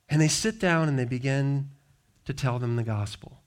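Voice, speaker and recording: A man with an American accent, a pastor preaching a sermon and telling the stories in lively, acted-out voices. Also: medium pitch, moderate pace. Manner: animated storyteller, acts out voices.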